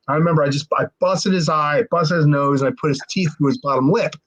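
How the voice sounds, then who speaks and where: Talking fast with few pauses, a man in his forties with a voice on the high side tells a rowdy, casual story as a podcast guest. He's a former pro wrestler who swears freely, stays animated, acts out quoted dialogue and restarts often.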